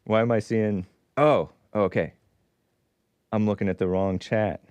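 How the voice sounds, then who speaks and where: A man's voice: lowish voice, expressive, measured pace, long pauses, a little mellow, no room sound. A man hosting a casual live show, reading chat messages aloud with a wry, laughing manner. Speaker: show host.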